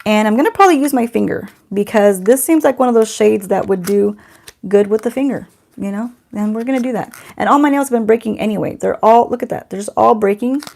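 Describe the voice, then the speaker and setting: A woman's voice: on the high side, fast, vocal fry, darkish tone. A middle-aged woman doing a casual beauty unboxing at home, chatty and self-teasing, talking to the camera and to someone off camera. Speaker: beauty vlogger.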